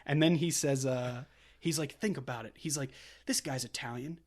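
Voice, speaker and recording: A man's voice: medium pitch, normal speed, darkish tone. A young man co-hosting a film podcast, chatting casually and retelling scenes with quoted lines and laughs. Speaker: podcast co-host. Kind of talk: casual chat.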